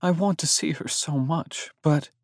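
A man voicing a gentle young woman who pleads softly through tears, in a storybook reading. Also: a little high, measured pace, dry recording, studio quality, voice pushed up. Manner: soft, pleading, tearful.

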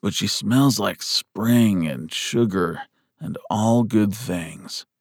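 A man's voice: fairly low pitch, slow, dry recording, clean studio sound. A man voicing a brash, flirtatious, injured cowboy with a cocky drawl, in an audiobook.

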